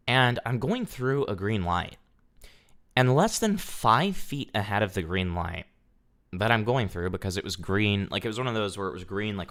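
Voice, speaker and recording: A young man with a somewhat low voice chats casually on a livestream. He tells a story in a profane, ranting way, talking straight to his viewers. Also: fairly bright tone. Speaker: streamer.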